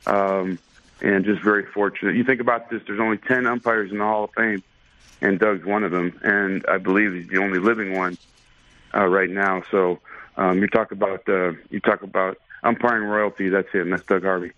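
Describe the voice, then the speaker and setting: Umpire guest, easygoing storyteller, lowish voice, dry tinny phone line. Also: male voice, steady tone, normal speed, fairly bright tone, dry recording. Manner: easygoing, thoughtful, many fillers. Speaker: baseball umpire, interview guest. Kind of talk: casual storytelling in a radio interview.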